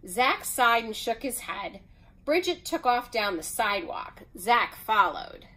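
A woman reading a children's picture book aloud as storyteller, in an expressive way. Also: fairly high pitch, low-quality recording. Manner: expressive, unhurried.

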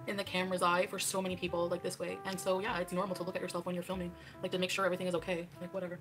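A woman's voice: on the low side, completely flat delivery, rapid-fire, music in the background. A woman in her thirties on a casual livestream, defensive and argumentative as she reacts to clips.

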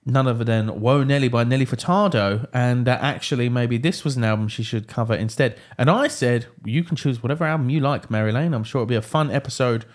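A man hosting a podcast, talking casually in a relaxed, hesitant way with many fillers. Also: mid-range voice, brisk, few pauses. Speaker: podcast host. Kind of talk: casual chat.

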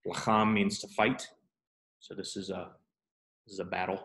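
A man teaching a Hebrew grammar class, talking students through the exercises with relaxed, self-deprecating asides and quick questions. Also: deep voice, roomy sound. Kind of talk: classroom lesson.

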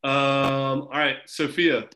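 Young male coach, middle pitch, teasing and upbeat, heard over a video call. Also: little pitch movement, slow pace, noisy background. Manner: encouraging, chatty, teasing. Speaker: swim coach. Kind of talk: casual group video call check-in.

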